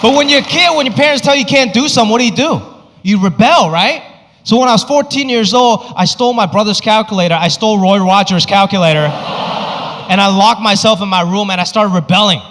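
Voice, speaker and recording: A man's voice: high voice, fast. A male stand-up comedian telling punchy anecdotes and acting out the people in them. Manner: punchy anecdotal delivery, acts out characters. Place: comedy stage. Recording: reverberant venue with background noise.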